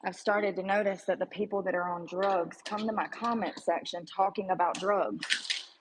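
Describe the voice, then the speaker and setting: In a public gym, a woman vlogger talks to her camera in a medium-pitched, fairly even voice at normal speed. She's blunt and profane, casually chatting her way through an explanation of her workout over a noisy background.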